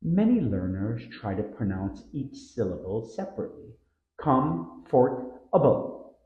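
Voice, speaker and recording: A man's voice: on the low side, big pitch swings, dark tone, reverberant, muffled recording. A man narrating a scripted pronunciation lesson, drawing out the words he models. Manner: slow, drawn-out model words with stressed syllables. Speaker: pronunciation teacher.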